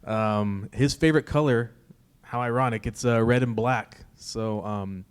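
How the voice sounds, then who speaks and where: Man, teacher on a church panel, friendly, rambling, mid-pitched. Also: a little slow, clean tone. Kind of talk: casual panel chat.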